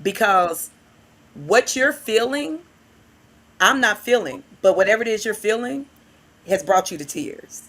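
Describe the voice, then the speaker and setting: Woman on a podcast, lively storyteller, does the voices when she quotes people, middle pitch. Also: unhurried, long pauses. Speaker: youth worker and guest. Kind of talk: casual podcast chat.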